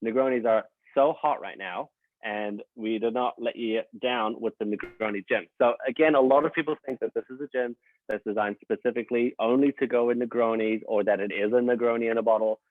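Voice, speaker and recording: A man's voice: medium pitch, steady tone, brisk, no room sound. Man on tinny, phone-like audio. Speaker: brand ambassador. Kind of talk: presenting a virtual tasting.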